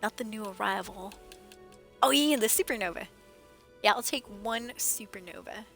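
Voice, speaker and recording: A woman livestreaming a game, chatting excitedly to her viewers while losing her voice. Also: medium pitch, moderate pace, vocal fry. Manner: chatty, excitable, talks to chat. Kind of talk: casual gameplay commentary. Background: game music.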